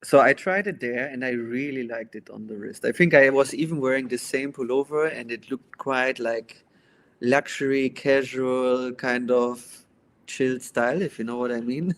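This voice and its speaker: A relaxed male guest talking over his watch purchases in a casual chat. He speaks in an easy, unhurried way and laughs readily. His voice sits at an ordinary middle pitch for a man. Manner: relaxed, easygoing, laughs often.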